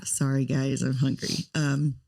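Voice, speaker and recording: A woman's voice: very deep voice, flat delivery, unhurried, creaky, dark tone. A woman in her thirties co-hosting a podcast, telling a personal story in an earnest, talkative way. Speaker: podcast co-host.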